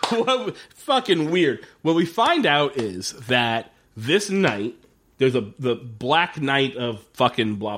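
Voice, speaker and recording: A man's voice: medium pitch, fairly bright tone. Male podcast co-host, casual and profane, laughs through his recap. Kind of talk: casual chat recapping a TV episode.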